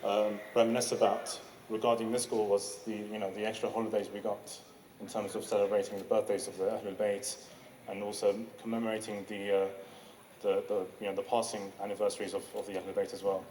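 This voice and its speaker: Man, hesitant with fillers, reminiscing speech, low flat voice, distant mic. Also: a little fast, slight background noise. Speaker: former student giving a speech. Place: school event hall. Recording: echoey hall, speaker far from mic.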